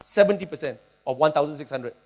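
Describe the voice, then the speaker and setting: Middle-aged pastor, high voice, animated and emphatic. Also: male voice, quick pace. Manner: animated, emphatic, with sudden shouts and asides. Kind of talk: sermon.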